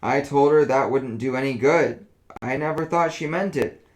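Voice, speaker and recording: A man voicing an anxious, bossy older woman who talks fast and fretfully. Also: medium pitch, close to an everyday voice. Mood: worried.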